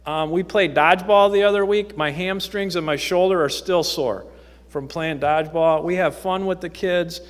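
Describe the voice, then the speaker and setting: Youth-ministry man at the pulpit, conversational and storytelling, slightly high voice, echoey sanctuary. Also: normal speed. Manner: conversational storytelling with frequent ums. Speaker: youth ministry worker speaking at church. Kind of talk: informal testimony talk from the pulpit. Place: church sanctuary. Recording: echoey church hall.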